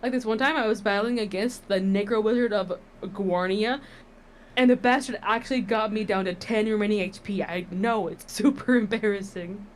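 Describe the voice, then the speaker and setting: A woman's voice: medium pitch, normal speed, a little hiss or hum, lightly acted. A woman voicing a boastful young female monster warrior in a dating game, bubbly and full of slang. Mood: chatty.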